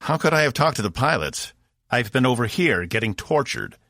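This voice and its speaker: A man's voice: mid-range voice, very animated, moderate pace, a bit bright, no echo, studio quality, voice pushed up. A man voicing an injured male commander who grumbles wryly and reassures his crew, in an audiobook. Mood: complaining. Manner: wry, grumbling, encouraging. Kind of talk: audiobook character voice.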